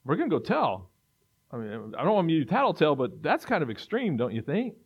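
A man's voice: a little high, big pitch swings, fast, slightly rough. A man preaching a sermon in an earnest way, building to emphatic repetition. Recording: dull lo-fi recording.

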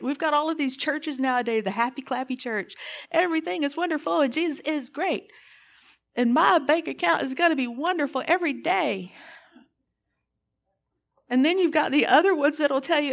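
A woman's voice: high voice, normal speed, vocal fry. A woman preaching a sermon in an earnest, impassioned way, putting pointed questions to her listeners.

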